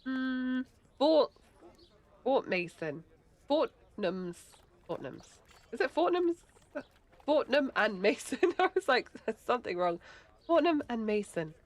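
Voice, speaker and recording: A woman's voice: a little high, sing-song, slow pace. A woman chatting casually while streaming a game, giggly and swearing freely. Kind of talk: casual livestream chat while gaming.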